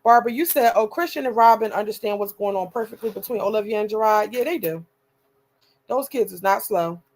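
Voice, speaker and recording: A woman's voice: mid-range voice, brisk, a little mellow. A woman hosting a reaction video, chatty and exasperated as she comments and reads viewer comments aloud. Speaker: reaction channel host.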